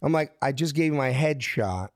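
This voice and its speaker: A middle-aged man from South Philadelphia with a Philadelphia accent, telling his story with lively acted-out quotes. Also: no room sound, clean studio sound. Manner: acts out quotes with shifting pitch, lively and fast. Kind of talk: animated storytelling.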